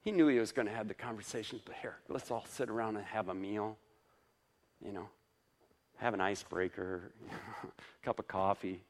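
A male pastor preaching a sermon in an informal, conversational way, with lively ups for emphasis, soft asides and frequent chuckles. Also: on the low side, normal speed.

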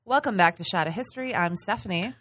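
A woman's voice: medium pitch, fast, over music. A woman co-hosting a casual podcast, cheerful and laughing often. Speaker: podcast co-host. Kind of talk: casual chat.

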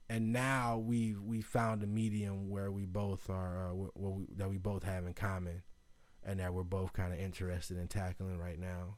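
A man's voice: on the low side, a little mellow, no echo. A man hosting a casual solo podcast, rambling loosely with lots of restarts and fillers. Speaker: podcast host.

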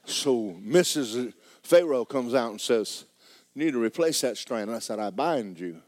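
A man preaching a sermon, swinging from loud exhortation to quiet, joking asides. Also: mid-range voice, lively intonation, measured pace, slight background noise.

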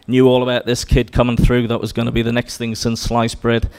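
Ex-footballer, earnest and long-winded. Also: male voice, mid-range voice, monotone, fairly quick, a little mellow, smooth. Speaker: former footballer guest. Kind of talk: on-stage Q&A answer.

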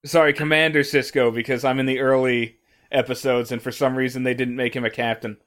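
A man's voice: medium pitch, level tone, fairly quick, fairly bright tone. A man from Missouri co-hosting a podcast, chatting casually, joking and swearing with stammering restarts. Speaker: podcast co-host.

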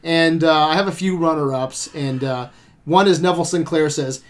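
A man talking about films with friends in a loose, profane way, laughing often. His voice sits a bit high for a man. He rattles through points in quick bursts. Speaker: podcast co-host. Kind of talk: casual movie review chat.

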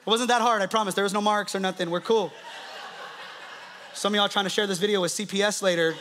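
A man, a pastor, preaching with animated, laughing storytelling. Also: high-pitched, quick pace, a little hiss or hum. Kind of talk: sermon.

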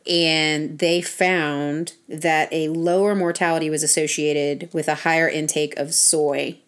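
A woman's voice: sits low, little pitch movement, a little slow. A woman explaining health research in casual conversation, talking in long run-on sentences full of restarts and fillers.

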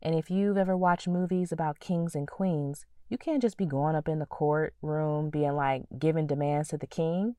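A woman hosting a faith-based podcast, teaching in an earnest, preacherly way and dropping into soft whispers for her prayers. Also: low-pitched, fairly even intonation, normal speed, few pauses, no echo, far from the mic. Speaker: podcast host.

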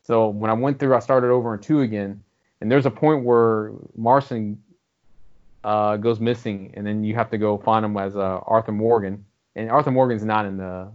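A man's voice: on the low side, fairly even intonation, normal speed. A man rambling casually about video games, swearing freely and acting out characters' lines. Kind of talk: casual gaming chat. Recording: dull lo-fi audio.

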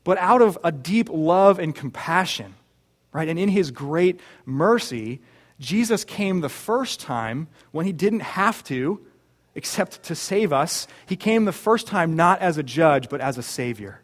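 A man's voice: a little high, animated, a little slow. A male pastor preaching a sermon in a church, earnest and direct, often checking in with rhetorical questions.

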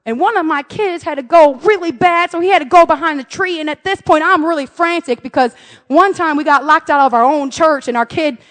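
A woman's voice: high voice, fairly quick, a bit bright. A woman pastor preaching a humorous, conversational sermon, acting out scripture voices and her family's quarrels. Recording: long reverb of a church hall.

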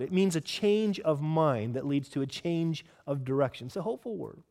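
Male pastor, sermon, earnest teaching tone, a bit high-pitched, leans on key words. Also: lively intonation, warm tone. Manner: earnest, teaching, asks the congregation questions; stresses key words, slows down for scripture.

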